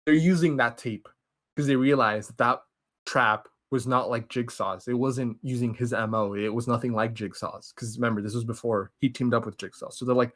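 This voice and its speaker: A young man hosting a podcast, giving an excited, rambling movie recap and acting out characters' lines. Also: mid-range voice, moderate pace. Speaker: podcast host.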